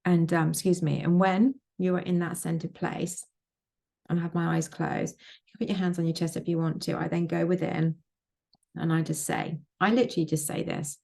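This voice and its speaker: A woman talks through her inner-work routine with blunt, emphatic energy, repeating her points and swearing freely. Her voice is low and gravelly, with frequent vocal fry. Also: little pitch movement, normal speed, darkish tone. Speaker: manifestation coach. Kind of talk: casual motivational vlog.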